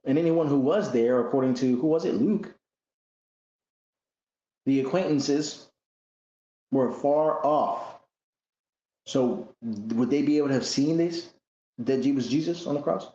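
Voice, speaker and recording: A man giving a casual religious commentary monologue, animated and talking in rough slang, often repeating words as he goes. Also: medium pitch, a little slow, long pauses, roomy sound, muffled recording.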